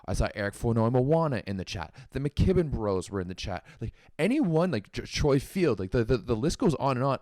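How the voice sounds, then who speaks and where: A man's voice: lowish voice, no room sound. Rambling young man, dry close sound. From Canada. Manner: rambling, filler-heavy, animated. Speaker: podcast host. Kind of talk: casual podcast chat.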